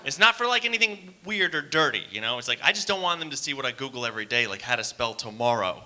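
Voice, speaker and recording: A man's voice: medium pitch, lively intonation, fast talker, pushed and bright. Rambling self-deprecating male comic. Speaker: stand-up comic. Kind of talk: stand-up comedy set. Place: theater stage.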